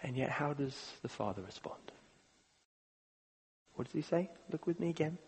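A man preaching a sermon, earnest and halting, repeating words and swinging between loud appeals and hushed moments. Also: on the high side, lively intonation, slight background noise. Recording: long reverb of a large hall.

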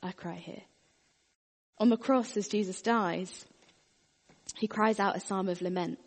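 A woman preaching a sermon, earnest, often dropping her voice very soft and quiet. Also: mid-range voice, fairly even intonation, moderate pace, long reverb tail.

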